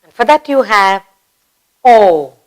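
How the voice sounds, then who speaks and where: A woman teaching a grammar lesson for children, slowly acting out example sentences with expressive exclamations. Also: medium pitch. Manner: slow, deliberate teaching delivery.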